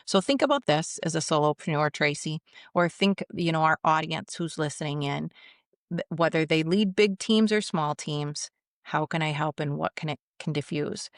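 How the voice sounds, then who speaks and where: A middle-aged woman, a retired police commander, tells vivid work anecdotes on a podcast in conversational style, acting out the voices she quotes. Her voice is deep and moderately paced, in a dry, clean studio recording.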